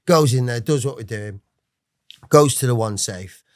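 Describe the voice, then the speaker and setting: A man's voice: mid-range voice, a little slow, dry recording, studio quality. A man in his forties with an English accent, a podcast guest telling his life story in a rambling, swearing way with many restarts. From England. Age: 40s. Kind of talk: casual storytelling interview.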